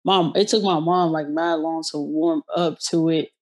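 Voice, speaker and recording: A woman from Ohio hosting a podcast, telling personal stories in a slangy, blunt, animated way. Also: low-pitched, normal speed. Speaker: podcast host. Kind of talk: casual podcast chat.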